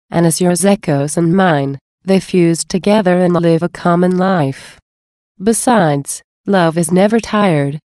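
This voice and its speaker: A woman reading a devotional text aloud in a measured, unhurried way. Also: fairly low pitch, dark tone, no room sound, studio quality. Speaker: reader.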